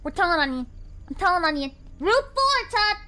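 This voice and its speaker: A woman's voice: very high voice, expressive, fast, sharp tone. A young woman streaming a game, chatting playfully with her viewers and acting mock-scared. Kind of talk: casual gameplay commentary.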